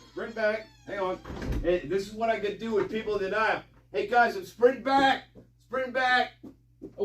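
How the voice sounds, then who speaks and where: A man's voice: high-pitched, echoey room, recorded from a distance. A man giving mocking, sarcastic commentary, swearing and rambling with lots of repetition. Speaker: online commentator.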